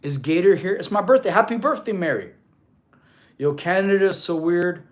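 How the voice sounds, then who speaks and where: Guy in his 30s streaming, reading chat out loud, chill bro-ish fitness coach vibe, voice sits a bit high. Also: animated, moderate pace. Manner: laid-back, reads chat aloud, calls people bro.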